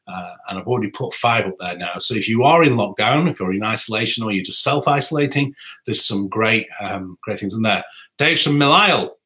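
A man's voice: fairly low pitch, animated, brisk, a bit bright. A man hosting a rambling live stream, chatting and answering viewer comments. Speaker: saxophonist and YouTuber host. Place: home music room.

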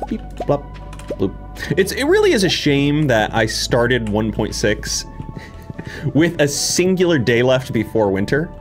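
A man commenting live on his game, talking to the characters and making silly beeps and bloops between his thoughts. His voice swoops all over with big expression, and his pace is unhurried. Clear game music plays behind him. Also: mid-range voice, sing-song. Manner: playful, making silly sound-effect noises. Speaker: gaming video creator. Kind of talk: live let's-play commentary. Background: game background music.

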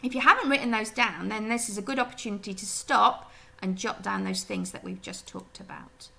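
A woman teacher giving a recorded reading lesson, explaining gently and asking her pupils questions. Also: mid-range voice, fairly quick, creaky. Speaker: primary school teacher.

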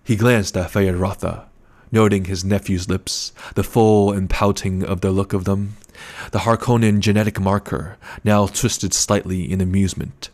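A man narrating an audiobook in a calm, measured, even way. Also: low voice.

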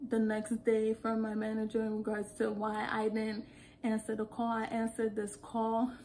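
Animated young woman telling stories. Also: fairly high pitch, moderate pace, a little hiss or hum. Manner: animated, acts out quotes, laughs often. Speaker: call center worker. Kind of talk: casual storytelling vlog.

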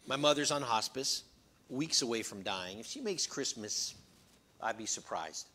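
A middle-aged man preaching a sermon as pastor, earnest, shifting between loud emphasis and quiet, confiding storytelling. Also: mid-range voice, lively intonation, a little slow. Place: church.

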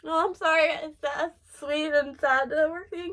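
A woman's voice: high-pitched, fairly even intonation, normal speed, few pauses, fairly bright tone. A young woman reacting to an anime episode, gushing and exclaiming often, squealing when she is moved. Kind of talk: excited anime reaction commentary.

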